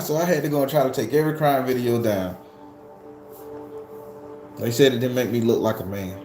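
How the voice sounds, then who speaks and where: A man talks casually to his viewers, loose and animated, swearing freely and laughing. His voice sits at a middling pitch but leaps up high when he gets heated. The room is echoey, with faint music underneath. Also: brisk. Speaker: tarot reader and channel host.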